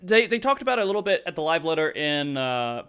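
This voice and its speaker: Male podcast host, casual and animated, clean smooth tone, pitched a bit high, laughs a lot. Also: fast. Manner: animated, laughs often, trails off and restarts. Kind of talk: casual chat.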